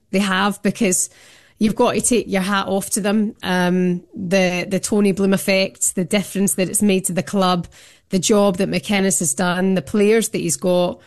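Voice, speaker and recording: A woman guest on a radio phone-in, talking with gushing enthusiasm. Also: medium pitch. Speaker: guest fan. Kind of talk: phone-in chat.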